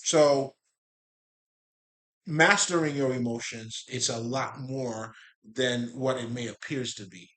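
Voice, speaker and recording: A man's voice: mid-range voice, slow pace, long pauses, fairly bright tone. Rambling, profane man musing on spirituality. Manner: rambling, profane, laughs often, streetwise slang. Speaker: spiritual talk host. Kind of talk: casual spiritual monologue.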